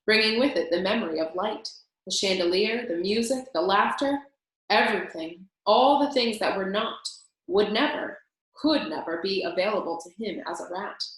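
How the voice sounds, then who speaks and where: Expressive woman reading aloud, echoey. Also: medium pitch, moderate pace. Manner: expressive storytelling. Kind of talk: reading a children's book aloud. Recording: very echoey room.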